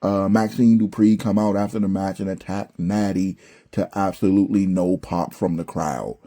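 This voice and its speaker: Exasperated man ranting, low dark voice. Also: fairly even intonation, normal speed. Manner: exasperated, blunt, profane, slangy. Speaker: wrestling commentary vlogger. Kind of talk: ranting show review.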